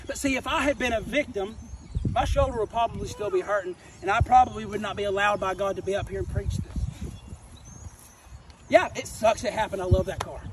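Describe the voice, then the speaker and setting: A man preaching an informal sermon, emphatic and confrontational, hammering home key phrases by repeating them. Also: high-pitched. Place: outdoors near a wrecked car. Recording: distant mic with faint outdoor noise.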